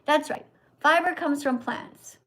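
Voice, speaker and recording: A woman's voice: high voice, measured pace, sharp tone, rough recording. A woman hosting a livestream, answering viewer questions with a preachy, scolding, teacher-like manner. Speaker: vegan livestream host.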